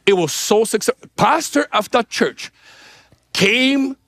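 A man's voice: extremely high pitch, expressive, slow, fairly bright tone. A man preaching a personal testimony sermon, telling his story animatedly, acting out dialogue and laughing often.

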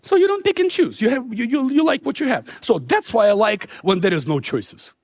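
Animated high-voiced preacher. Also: male voice, a little fast, dry recording. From former Soviet Union. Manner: joking storytelling turning to earnest appeal; non-native grammar. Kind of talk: sermon.

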